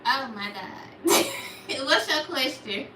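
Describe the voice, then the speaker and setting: A woman's voice: high-pitched, animated, takes it slowly, reverberant, recorded from a distance, noisy background. A young woman from Memphis with a Memphis Southern accent and a small voice, chatting casually with viewers on a livestream and answering their comments. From Memphis, Tennessee. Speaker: livestream host.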